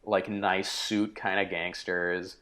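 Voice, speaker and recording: Male co-host, lowish voice, casual profane film chat. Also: little pitch movement, slow, sharp tone. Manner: loose, profane, filler-heavy. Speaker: podcast co-host. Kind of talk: casual movie review chat.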